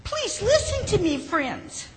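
Woman voicing a pleading little raspberry bush. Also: very high voice, very animated, takes it slowly, voice pushed up, full character voice. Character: gentle sad little raspberry bush, male. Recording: hall with faint background noise.

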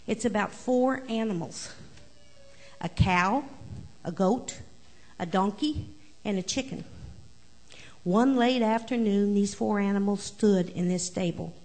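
A woman giving the children's message at church, telling a story in a lively, animated way. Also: medium pitch.

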